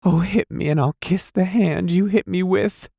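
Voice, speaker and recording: A man's voice: high voice, moderate pace, vocal fry, dark tone, dry recording, studio quality, pitched above the performer's own voice. A man reading an audiobook, voicing a tearful young woman who pleads and begs her lover. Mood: pleading. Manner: imploring, tearful.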